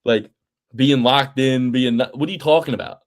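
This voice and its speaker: Profane, animated male fight-picks host. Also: mid-range voice, moderate pace. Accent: faint Delaware County, Pennsylvania. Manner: animated, profane, does mocking impressions. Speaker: podcast co-host. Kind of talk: casual picks chat.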